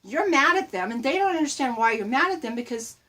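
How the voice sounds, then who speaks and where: A woman's voice: sits high, lively intonation, a little fast, a bit bright. A woman hosting a casual motivational talk, chatty and laughing often as she speaks to her viewers. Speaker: host.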